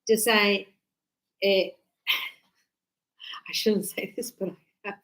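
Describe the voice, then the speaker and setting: A woman teaching a class, chatty and animated, acting out birds and her students as she explains. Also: medium pitch, slow, poor audio. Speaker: English teacher.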